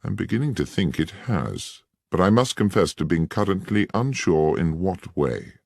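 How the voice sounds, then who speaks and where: A male narrator voicing Sherlock Holmes as a keen, incisive detective who questions in a crisp, measured way. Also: low-pitched, very animated, darkish tone, dry recording, studio quality, exaggerated voice. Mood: firm.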